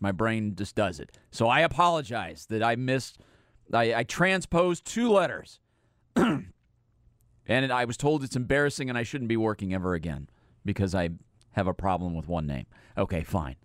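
A man's voice: mid-range voice, no room sound, clean studio sound. Chatty male sports radio host. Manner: chatty, rambling, self-deprecating. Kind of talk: casual sports talk radio chat.

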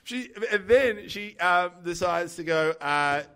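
A man's voice: high-pitched, slow, heavy background noise. A man, co-hosting a casual podcast and telling a funny story with lots of laughter. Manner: animated, laughs a lot while telling a story. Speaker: podcast co-host.

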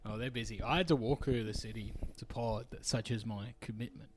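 Australian man, podcast host, jokey, laughs often, mate every sentence, mid-pitched. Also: fairly even intonation, fairly quick. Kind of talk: casual podcast chat.

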